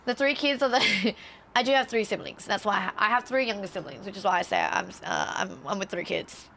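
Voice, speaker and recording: A woman chatting on a live stream, telling animated stories with a lot of swearing and laughter. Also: mid-range voice, brisk, gravelly, slight background noise. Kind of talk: casual stream chat and storytelling.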